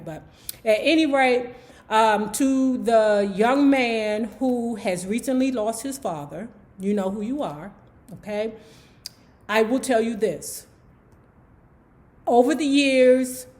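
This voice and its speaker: A woman hosting a book club, retelling a memoir in a chatty, sassy way with asides to her viewers. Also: fairly high pitch. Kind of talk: casual storytelling book commentary.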